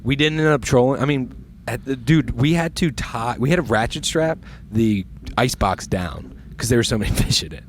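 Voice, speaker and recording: A young man excitedly telling a fishing story in casual chat, swearing and acting out what people said. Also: medium pitch, normal speed, slight background noise. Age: young adult.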